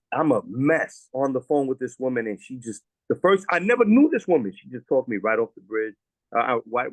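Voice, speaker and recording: A man's voice: medium pitch, a bit bright, no echo. A man telling his own recovery story as a former guest, earnest and heartfelt, often stumbling and repeating words as he searches for them. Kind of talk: emotional testimonial.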